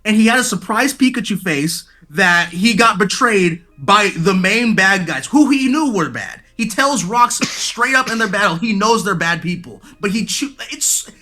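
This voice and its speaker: A man's voice: high-pitched, expressive, normal speed, hardly any pauses, bright, forceful tone. A man in casual chat, ranting with exasperated, mocking commentary about a story.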